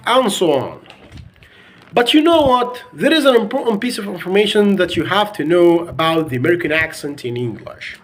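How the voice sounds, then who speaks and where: A man whose first language is Arabic, teaching English pronunciation in a slow, explanatory way and giving word-by-word examples. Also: sits high, sing-song. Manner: explains slowly with spoken examples. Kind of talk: pronunciation lesson.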